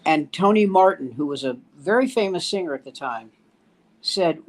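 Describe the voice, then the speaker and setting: An older man with a high voice hosts a loose talk among comedians. He spins anecdotes and acts out each quoted voice as he goes. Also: animated, moderate pace. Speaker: host. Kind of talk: casual comedians' chat, telling anecdotes.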